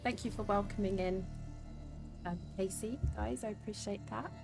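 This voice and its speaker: A young woman from the south of England with a southern English accent, livestreaming a game and chatting to her viewers. She talks casually, swears freely and laughs often, at a mid-range pitch. Game music plays faintly under her voice. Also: steady tone, moderate pace, gravelly, a little mellow. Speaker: streamer. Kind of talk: casual gaming livestream chat.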